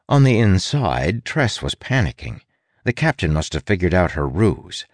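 Male audiobook narrator, deep voice, playful and wry, dry booth sound. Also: sing-song, moderate pace, dry recording. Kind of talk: scripted narration.

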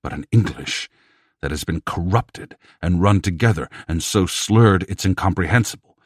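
A man's voice: low voice, normal speed, breathy edge, dry recording, clean studio sound. A man voicing a startled middle-aged language scholar who speaks in a quavering, amazed way.

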